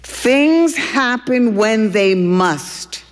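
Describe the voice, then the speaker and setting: A woman voicing a kind, thoughtful young female duck who speaks gently and calmly in a storybook reading. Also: fairly high pitch, measured pace, big-room sound, voice pushed up. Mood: gentle.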